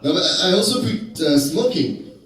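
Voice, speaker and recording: A man from France with a French accent performing a stand-up comedy set in a deadpan, halting way with many fillers. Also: on the high side, heavy background noise. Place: comedy club stage. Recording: echoey club, distant mic, crowd laughter.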